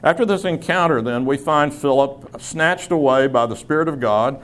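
A man's voice: medium pitch, normal speed, a bit bright. A middle-aged man teaching a Bible class in a classroom, talking conversationally with fillers and restarts.

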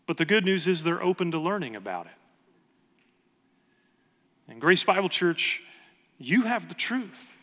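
A man's voice: sits high, sing-song, a little slow, pauses often, a bit bright, in a large hall. A man preaching a sermon with earnest emphasis, reading scripture aloud to his congregation. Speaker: pastor.

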